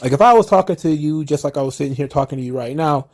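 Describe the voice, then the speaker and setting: A man's voice: on the high side, fast talker, a little mellow. A man hosting a casual solo wrestling commentary show, ranting sarcastically and cursing often.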